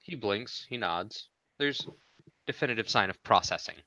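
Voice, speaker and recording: A man's voice: on the low side, expressive, normal speed, pushed and bright, dry recording, dull audio. A man playing a tabletop role-play game, switching between narrating and speaking in character. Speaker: tabletop player.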